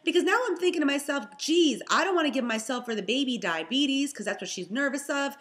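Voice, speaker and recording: A woman's voice: high-pitched, expressive, fairly quick, a bit bright. A young pregnant woman telling a story in a chatty, exasperated vlog style. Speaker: vlogger, health and fitness coach.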